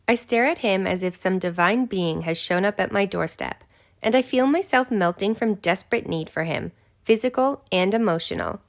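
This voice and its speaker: A woman's voice: mid-range voice, moderate pace. A woman narrating a romance audiobook in the first person, with a breathless, intimate delivery.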